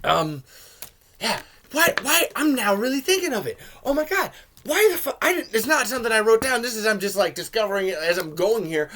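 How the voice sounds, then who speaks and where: A man rants casually about a film, swearing freely and rambling between points. His voice is bright and fairly high, and at times it jumps up into excited shouts. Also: fairly quick. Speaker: podcast host. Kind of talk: casual film review rant.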